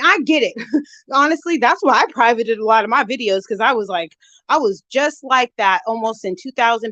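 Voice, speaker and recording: A woman's voice: a little high, a bit bright, no room sound. A woman vlogger chatting casually on a live stream, greeting viewers and giving gossipy commentary on online drama, a bit winded. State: winded, out of breath. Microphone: phone. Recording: dull lo-fi, dry sound.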